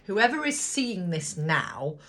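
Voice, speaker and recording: A woman's voice: fairly low pitch, sing-song, slow, fairly bright tone. A woman giving a casual tarot card reading, thinking aloud, talking straight to viewers and swearing freely. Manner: chatty, blunt, swears freely. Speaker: tarot reader.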